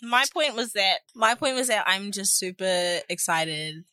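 Nz girl in her 20s cohosting a podcast, bright gushy voice, dry close sound. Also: medium pitch, animated, unhurried, no echo. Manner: upbeat, gushing and sentimental. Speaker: podcast co-host. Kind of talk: casual chat. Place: podcast studio.

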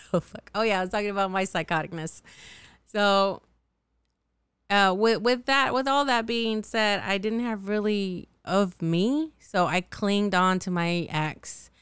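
A woman's voice: mid-range voice, measured pace, a bit bright, clean tone, no room sound. A woman in her thirties hosting a candid solo podcast, blunt and profane, laughing often at herself, her throat a little sore. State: slightly sore, scratchy throat. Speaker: podcast host.

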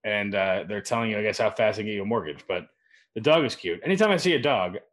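A man's voice: on the low side, animated, quick pace, a bit bright. A man co-hosting a casual podcast chat, laid-back with dry wisecracks and casual swearing. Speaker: podcast co-host.

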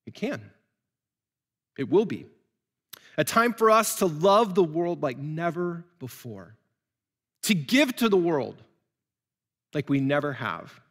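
A man's voice: on the high side, very animated, slow, pauses often, a bit bright. A male pastor preaching an earnest sermon to people watching at home, telling stories and building to fervent appeals. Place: church building. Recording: long reverb of a large church.

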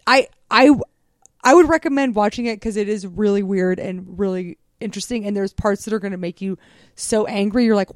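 A woman's voice: medium pitch, brisk, no echo, studio quality. Joking woman podcast co-host wearing braces. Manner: joking, profane, tangents. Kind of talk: casual chat.

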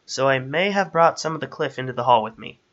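A man's voice: mid-range voice, lively intonation, quick pace, fairly bright tone, dull audio. A man reading a story aloud and voicing a cocky young rogue who talks in a smug, teasing way. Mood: wry. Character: cocky young male rogue, smirking and wry.

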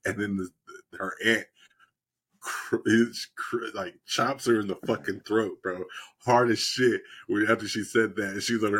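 A husky, lower-voiced man tells a show's plot in loose, rambling bursts. He swears freely and keeps breaking into laughter as he goes. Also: fairly even intonation, normal speed, fairly bright tone. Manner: rambling, profane, laughing retelling. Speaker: podcast co-host. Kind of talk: casual chat, retelling a TV show.

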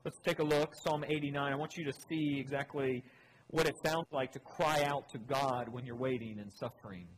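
A man's voice: mid-range voice, steady tone, moderate pace. A man preaching a sermon, reading scripture aloud with dramatic swells and earnest appeals. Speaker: pastor. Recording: long hall reverb, faint room noise.

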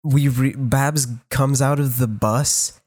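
A young Canadian man co-hosting a podcast rambles through a story in casual chat, full of fillers, restarts and swearing. His mid-range voice is slow, darkish and fairly even in intonation, with no room sound.

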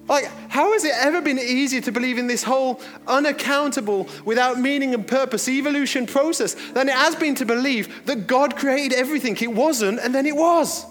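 High-voiced preacher in a reverberant hall. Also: male voice, normal speed. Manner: chatty, joking, animated storyteller. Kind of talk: casual storytelling sermon. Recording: reverberant hall with faint music.

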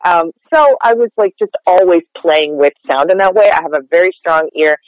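A woman's voice: on the low side, moderate pace, no echo. Chatty dialect coach woman, lo-fi. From North Texas. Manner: chatty, lots of "like" fillers. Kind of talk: casual podcast interview. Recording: dull lo-fi sound, dry.

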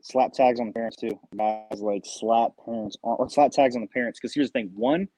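A man's voice: medium pitch, steady tone, moderate pace, warm tone, dry recording, poor audio. A man, a recruiter, chatting casually and giving blunt advice to listeners, with casual swearing. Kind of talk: casual chat.

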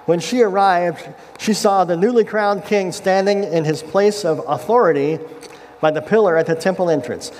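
A man's voice: high voice, darkish tone, a little hiss or hum. A man, a pastor, giving a casual, conversational sermon. He retells a scripture story in everyday words and checks in with the congregation. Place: church sanctuary. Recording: echoey hall with faint ambience.

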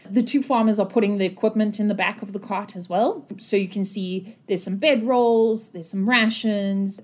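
A woman narrating as game master of a tabletop game in a loose, conversational way. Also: mid-range voice. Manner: conversational, rambling with fillers.

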